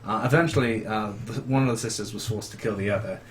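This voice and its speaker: A man's voice: on the low side, slight background noise, natural voice. A man voicing a tired young male monster-hunting bard in a tabletop game, rambling and stumbling over his words. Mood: storytelling. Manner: rambling, halting, repeats words.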